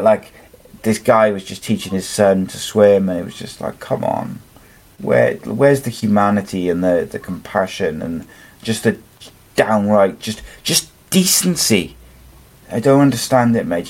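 A man's voice: lowish voice, a little slow, vocal fry, a little mellow, breathy edge. A man from the UK hosting a casual wrestling podcast, rambling through stories with lots of fillers. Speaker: podcast host. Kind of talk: casual chat.

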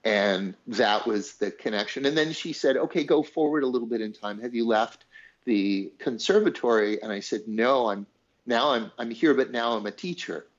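A man talks through a personal story as an interview guest, slipping into the voices of the people he quotes. His voice sits at a middle pitch. The recording sounds a little dull and lo-fi. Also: normal speed. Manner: animated storyteller, acts out quoted voices, laughs. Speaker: songwriter guest. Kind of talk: conversational storytelling.

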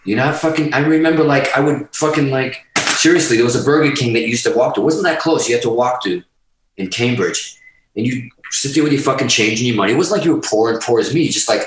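A man's voice: mid-range voice, fast talker, echoey room, recorded from a distance, low-quality recording. A man telling his story as a podcast guest, emphatic and rambling and swearing freely. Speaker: guest musician. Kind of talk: candid storytelling in a podcast interview.

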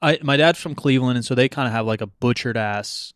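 A man's voice: mid-range voice, fast, dry recording. A young man from Portland rambles through a casual podcast chat, swearing often and laughing along. His voice sits in a middle register and sounds dry and close to the mic, with no room around it. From Portland, Oregon. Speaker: podcast host.

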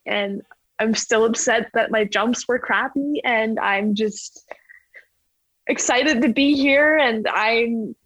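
A woman talking casually as an interview guest, full of fillers like "like" and acting out her own quotes in a higher voice. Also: no room sound, poor audio. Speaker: guest athlete.

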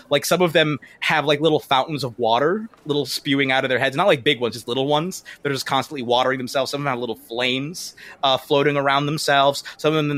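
A man's voice: medium pitch, a bit bright. A man narrating as game master of a tabletop role-playing game, talking in a casual, loose way with lots of fillers.

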